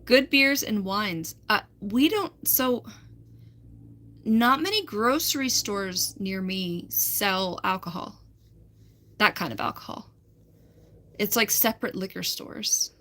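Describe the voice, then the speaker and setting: A woman's voice: medium pitch, animated, slow, long pauses, pushed and bright. A young American woman chatting casually on a livestream, rambling and laughing as she answers her chat. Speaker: livestream host.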